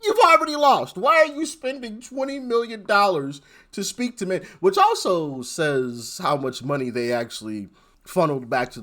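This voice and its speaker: Lively-voiced man doing casual commentary. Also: a little high. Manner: informal and chatty, talks straight to viewers. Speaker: commentary channel host.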